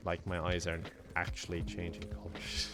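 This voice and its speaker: A man's voice: sits low, monotone, moderate pace, loud music behind the voice. Laid-back man chatting on stream. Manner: laughs often, reads out chat donations, rambling. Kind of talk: casual gaming livestream chat.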